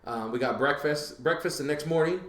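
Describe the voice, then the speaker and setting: A man hosting a casual podcast who talks in a relaxed, rambling way full of "um" and "uh". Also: fairly high pitch, a little fast, roomy sound. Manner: relaxed, rambling, lots of fillers. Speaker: podcast host.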